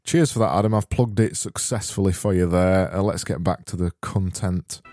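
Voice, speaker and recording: Male podcast host, lowish voice, rambling self-interrupting comic delivery. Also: normal speed, darkish tone, faint music behind. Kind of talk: comic podcast banter and spoof advert.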